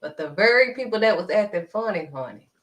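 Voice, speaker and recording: A woman preaching in a livestream sermon, animated and calling listeners honey. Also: mid-range voice, a little fast.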